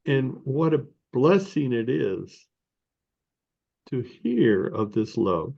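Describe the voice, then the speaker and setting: A man making slow, thoughtful remarks on a video call. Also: mid-range voice, big pitch swings, vocal fry. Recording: muffled video call audio.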